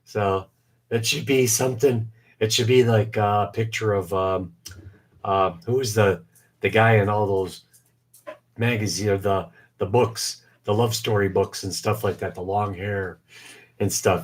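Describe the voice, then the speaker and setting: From his home basement shop, a man in his forties hosts a casual live stream, rambling with lots of fillers. His lowish voice is weak and short of breath, fairly even in intonation and a little slow.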